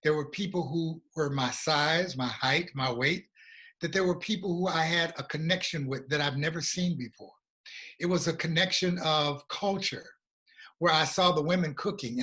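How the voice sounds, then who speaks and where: American guy telling his story, earnest and reflective, a bit high-pitched. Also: bright, forceful tone. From USA. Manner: earnest, reflective, slow at emotional moments. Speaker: guest, regional coordinator. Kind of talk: personal storytelling in a conversation.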